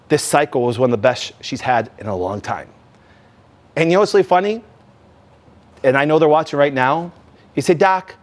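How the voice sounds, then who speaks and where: A man hosting a health talk, emphatic and animated, acting out quoted remarks as he explains. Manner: emphatic, with wide swings in pitch and loudness; acts out his own and others' quoted remarks. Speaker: wellness doctor and show host.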